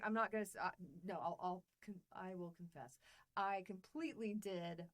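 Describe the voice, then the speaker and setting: A woman's voice: medium pitch, low-quality recording. Bubbly, upbeat woman podcast host. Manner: bubbly, enthusiastic, playful asides. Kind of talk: casual solo podcast talk.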